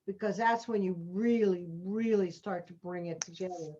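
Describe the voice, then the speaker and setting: A woman's voice: mid-range voice, normal speed, dark tone, dull audio. A woman acting teacher giving encouraging notes to her students over a video call. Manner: encouraging, instructive. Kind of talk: casual class feedback.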